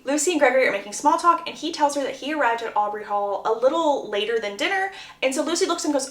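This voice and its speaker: A woman with a fairly high voice walks through a romance novel chapter by chapter, chatty and gossipy, throwing in asides to her viewers. The sound bounces around an echoey room. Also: animated, fast talker, few pauses. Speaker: book reviewer. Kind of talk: casual plot retelling.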